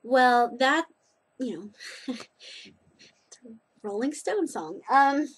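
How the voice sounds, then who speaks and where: A woman's voice: high-pitched, lively intonation, extremely slow, slightly rough. A young woman vlogging in a rambling, chatty way, full of restarts and asides. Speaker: knitting and nails vlogger. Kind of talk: casual chat.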